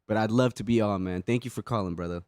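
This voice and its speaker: A man's voice: fairly low pitch, fast talker, a little mellow, no echo, clean studio sound. A man co-hosting a comedy call-in show, heckling the caller, swearing and laughing. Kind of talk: loose, profane comedy banter.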